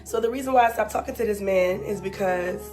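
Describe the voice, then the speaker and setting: A young woman vlogger in casual chat, telling a personal story with animated, emphatic asides and exasperated repetition. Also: medium pitch, fast, faint music behind.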